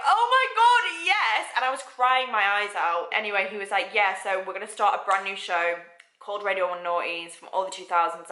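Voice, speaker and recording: A young woman from England, a radio presenter, telling a story in a casual vlog, chatty and excitable, full of "like" and "oh my God". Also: lowish voice, reverberant, poor audio.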